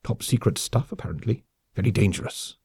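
A man's voice: on the low side, fairly quick, creaky, dark tone, husky, dry recording, clean studio sound, heavily acted. A man voicing an unflappable, pompous older male spymaster with clipped, understated delivery.

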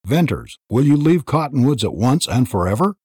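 A man voicing a jealous, stern church elder who speaks harshly and commandingly, with a husky voice. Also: medium pitch, very animated, normal speed, a little mellow, no echo, studio quality, voice pushed up. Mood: threatening. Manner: harsh, commanding, clipped threats. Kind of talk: audiobook reading.

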